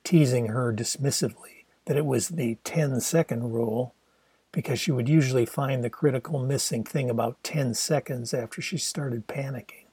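An older man narrating his own autobiographical novel as a steady, reflective audiobook reading. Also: medium pitch, normal speed, breathy edge, no echo.

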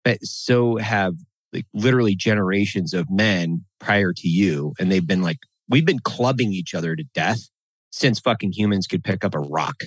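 A man with a lowish voice talks in a loose, opinionated way and swears freely. He gets lively when he rants, and the recording is dry and close. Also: moderate pace, husky, dry recording. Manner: blunt, profane, animated when ranting. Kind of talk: casual chat.

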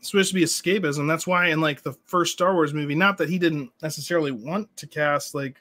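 Sarcastic, animated man in casual chat. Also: a little high, brisk. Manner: animated, sarcastic, mocking impressions. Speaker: co-host.

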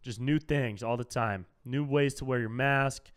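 A man's voice: mid-range voice, unhurried. A man hosting a solo podcast, ranting sarcastically and saying dude a lot. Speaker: podcast host.

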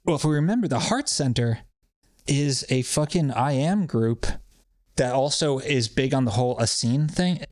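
A man's voice: mid-range voice, animated, moderate pace, darkish tone, no room sound. A man co-hosting a podcast, talking in a casual, rambling, sardonic way and swearing freely. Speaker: podcast co-host.

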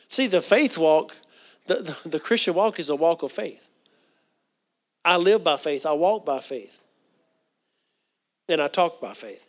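A man's voice: on the high side, expressive, a little slow, pauses often. A middle-aged man preaching a sermon. He often repeats words and asks the congregation questions. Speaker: pastor.

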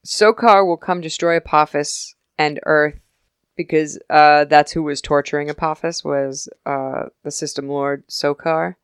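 Young woman podcaster, low voice, dry sound, acts out all the characters while she recaps. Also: smooth, dry recording. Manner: animated, acts out characters in quick voices, laughs often. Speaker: podcast co-host recapping a TV episode. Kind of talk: casual chat.

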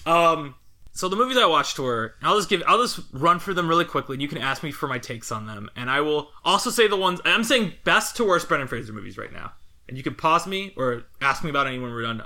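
A man's voice: on the high side, pushed and bright. A man co-hosting a casual podcast, rambling through opinions and laughing often. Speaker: podcast co-host.

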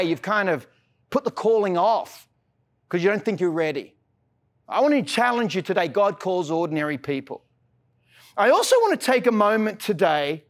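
A man with an Australian accent preaching a sermon as pastor, earnest, often stumbling and restarting his words, slowing on key phrases and then rushing ahead. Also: high-pitched. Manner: earnest, frequent stammered restarts.

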